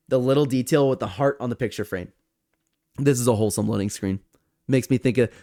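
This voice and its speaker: A man's voice: medium pitch, darkish tone, no echo, clean studio sound. A young man giving casual, enthusiastic commentary as he ranks video game screens and talks straight to his viewers. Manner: enthusiastic, chatty, addresses viewers as guys. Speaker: gaming commentator. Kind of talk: casual tier-list commentary.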